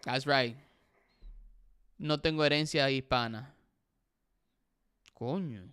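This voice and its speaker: A man's voice: medium pitch, slow pace, a bit bright, smooth, dry recording, clean studio sound. A young man hosting a casual livestream, chatting with viewers and reading their comments, switching between English and Spanish. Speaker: livestream host.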